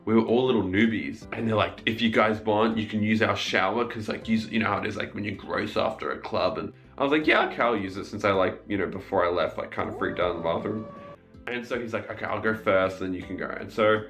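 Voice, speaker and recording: Animated young man telling a story. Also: fairly quick, soft background music. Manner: animated, mimics voices in high squeaky tones. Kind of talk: casual comic storytime.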